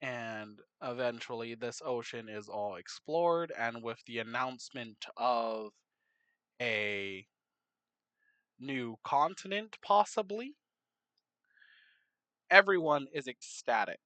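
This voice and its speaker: A man narrating a map game in casual commentary, unhurried, muttering asides to himself. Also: medium pitch, a bit bright, clear, resonant tone, no room sound.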